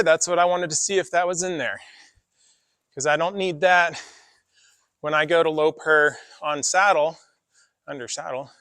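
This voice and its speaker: A man training a horse in an arena, talking through his work in a relaxed, chatty way and coaxing the horse now and then. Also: a little high, normal speed, pauses often, clean tone, no echo, clean studio sound. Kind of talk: casual spoken explanation while working a horse. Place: outdoor horse arena with deep sand.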